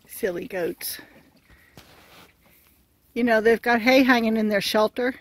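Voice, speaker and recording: A woman homesteader talking casually outdoors at her barn, chatting about the water setup and cooing to her animals in a higher sing-song voice. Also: slow, slight background noise. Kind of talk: casual farm vlog chat. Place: outdoors at a barn and livestock run.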